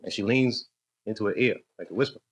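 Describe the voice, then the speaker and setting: A man's voice: fairly low pitch, quick pace, heavy background noise. An American man doing stand-up with crowd work in a club, loose and rambling, chuckling at his own jokes. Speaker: stand-up comedian. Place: dark comedy club, indoors.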